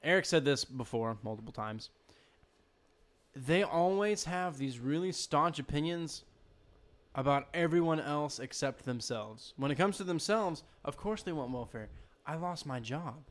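A man's voice: fairly high pitch, animated, measured pace. Argumentative man in casual podcast chat. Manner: argumentative, asks pointed questions. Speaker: podcast co-host.

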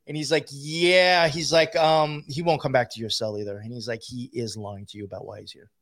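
A man's voice: medium pitch, steady tone, fast. A man telling a rambling, profane story in casual conversation, laughing as he goes. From New York.

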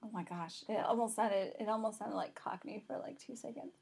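A woman's voice: mid-range voice, brisk, vocal fry, darkish tone, slightly rough. A woman in casual chat, talkative and prone to laughing and rambling tangents.

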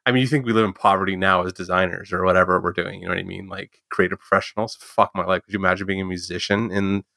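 Fast-talking deep gravelly man. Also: fairly even intonation, sharp tone, no echo, studio quality. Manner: rambling, swears often, heavy use of "like". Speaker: drummer and comic artist. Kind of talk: casual chat.

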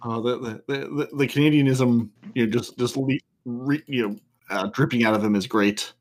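A man with a mid-pitched voice chatting on a casual podcast. He is playful and often stammers, repeating words before he gets going. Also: moderate pace, darkish tone.

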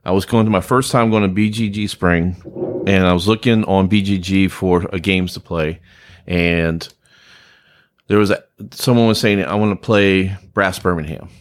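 Lowish man, easygoing podcast guest, storytelling. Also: steady tone, normal speed. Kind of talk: casual chat.

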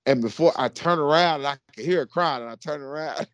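A man co-hosting a podcast, telling a story in a casual, animated, slangy way and often calling people bro. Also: fairly high pitch, fast talker, few pauses, clear, resonant tone, no room sound. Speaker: podcast co-host.

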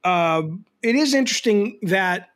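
A man appearing as a podcast guest, excitable and profane in casual chat. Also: sits high, unhurried, clear, resonant tone. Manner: excitable, profane, talks over others.

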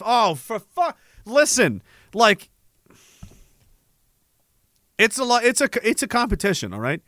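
A male streamer reads chat aloud with crude, sarcastic banter. His voice is high and lively, with a dry, close sound and faint music behind. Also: a little slow, long pauses, no echo. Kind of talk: casual chat.

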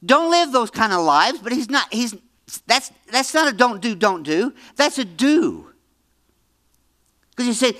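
A man in his seventies preaching a Bible-teaching sermon, emphatic, repeating phrases and swinging between loud and hushed. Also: very high-pitched, sing-song, a little slow, pauses often. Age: 70s.

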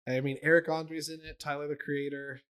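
A man hosting a casual show, reacting to clips with excitement and frequent laughter. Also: a little high, brisk, clean tone. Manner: enthusiastic, laughs often.

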